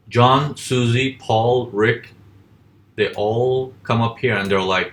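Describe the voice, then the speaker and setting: Speaking at a medium pitch with a fairly bright tone, a man walks through charts in an informal live forex lesson. He answers his own questions and slips into quick voices to imitate traders in a panic.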